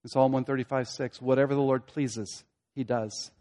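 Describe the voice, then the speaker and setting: A man preaching an expository sermon, swinging from loud emphatic peaks to hushed low asides, using rhetorical questions and repeated phrases for emphasis. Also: fairly even intonation, normal speed.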